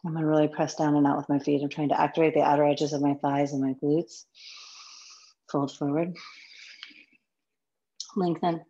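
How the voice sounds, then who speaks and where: Woman yoga teacher, slow spare cues, slightly low voice, practicing along; muffled lo-fi home recording. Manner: calm, sparse one-word cues, some soft whispered counts. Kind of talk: guided yoga class cues.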